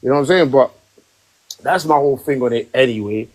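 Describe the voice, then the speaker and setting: A man hosting a podcast live stream from home, ranting emphatically in casual chat and rising in pitch when worked up. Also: fairly quick, poor audio. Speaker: podcast host. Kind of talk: heated casual rant.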